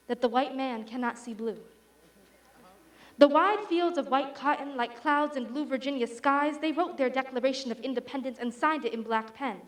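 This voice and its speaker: A woman reciting a poem in a measured, solemn manner. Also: high-pitched. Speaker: student poet. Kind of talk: recited poetry.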